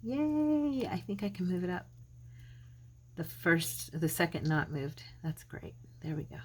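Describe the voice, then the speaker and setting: A woman's voice: on the low side, big pitch swings, measured pace, a little mellow, breathy edge. A middle-aged woman hosting a craft channel, chatting casually and talking to herself as she works, living in Arizona. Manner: chatty, talks to herself while working. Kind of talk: casual crafting tutorial chat.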